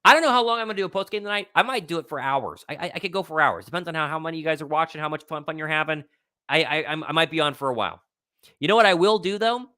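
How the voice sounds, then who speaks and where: A young man hosting a live sports stream, talking with excitable confidence and reading out viewers' questions. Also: a little high, racing, no echo, studio quality. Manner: excitable, confident, reads chat questions aloud. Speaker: host of a sports livestream. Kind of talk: live pregame Q&A commentary.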